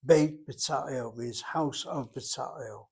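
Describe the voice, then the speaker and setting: A man's voice: mid-range voice, unhurried, breathy edge. A man teaching a Hebrew lesson, explaining grammar step by step and thinking aloud as he goes. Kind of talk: informal language lesson.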